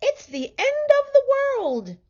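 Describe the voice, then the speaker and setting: A woman voicing a fussy, doting middle-aged wife who panics easily, in a high, excitable voice. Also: slow, dull audio, heavily acted. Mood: panicky.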